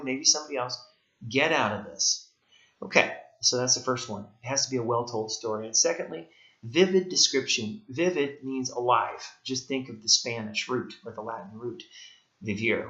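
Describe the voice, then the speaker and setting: A man's voice: medium pitch, sharp tone. A male writing instructor giving a recorded course lecture, emphatic and repeating his key points. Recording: echoey room, dull lo-fi sound.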